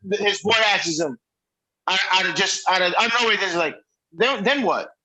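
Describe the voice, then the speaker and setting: A man co-hosting a podcast, an excitable storyteller who acts out the people he quotes. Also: high-pitched, brisk, low-quality recording. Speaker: podcast co-host. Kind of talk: casual chat.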